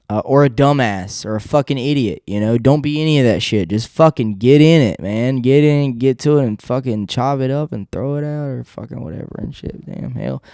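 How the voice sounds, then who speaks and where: Male solo podcast host, mid pitch, smooth and clean, dry close sound, rambling and profane. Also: normal speed, dark tone, dry recording. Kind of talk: casual solo podcast rant. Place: seated indoors without a backrest.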